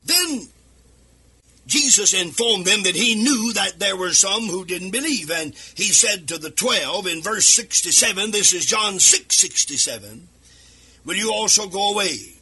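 Male radio preacher, high-pitched and husky, fervent delivery swinging into shouts and sing-song. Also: lively intonation, unhurried. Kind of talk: sermon. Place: radio broadcast. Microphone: speaking into a microphone.

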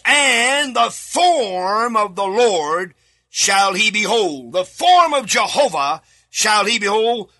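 Preacher guy alone in a studio, high lively voice, slow and emphatic, bits of shouting. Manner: emphatic, repeats key words, breaks into shouts; reads scripture aloud with verse references. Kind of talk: sermon.

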